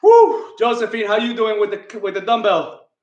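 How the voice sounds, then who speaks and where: A man's voice: high voice, fairly even intonation, brisk, roomy sound, lo-fi sound. A man leading a live online kettlebell class, counting reps and giving coaching cues while out of breath. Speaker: fitness coach.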